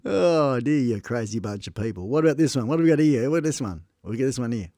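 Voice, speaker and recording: With a medium-pitched voice, lively intonation, and a quick pace, an Australian man banters and laughs with his stream's chat viewers at home. He's close to a desk microphone; there's background noise and faint music.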